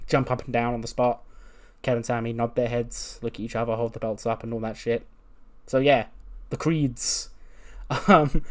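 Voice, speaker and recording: A man casually narrating his wrestling management game playthrough, rambling with lots of fillers. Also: mid-range voice. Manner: rambling, filler-heavy, chuckling. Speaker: let's-play host.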